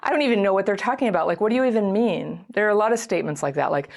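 A middle-aged woman giving casual advice on dating and trauma, chatty and animated, often acting out what people say. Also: mid-range voice, rapid-fire, vocal fry, hardly any pauses. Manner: chatty, animated, acts out quoted voices. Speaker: relationship and trauma advice host. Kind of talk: casual direct-to-camera advice talk.

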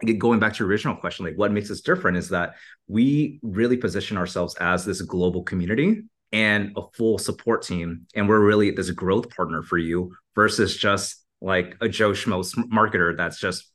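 A man's voice: lowish voice, normal speed, a bit bright. A man talking as a podcast guest in a casual, upbeat way, with many "like" and "you know" fillers. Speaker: podcast guest, marketing entrepreneur. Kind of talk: casual conversational interview.

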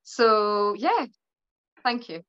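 Scottish woman, Perthshire accent, guest on live stream, lively, acts out dialogue, bright tone, dull phone audio. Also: mid-range voice, very slow, clean tone. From Scotland. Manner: animated, acts out quoted exchanges. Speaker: guest speaker, spiritual teacher.

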